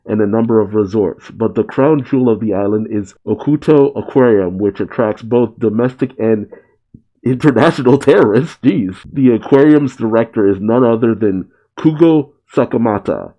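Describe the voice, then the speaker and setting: A man's voice: on the low side, normal speed, muffled recording. A man hosting a manga reaction, reading the chapter aloud with wry asides and chuckles.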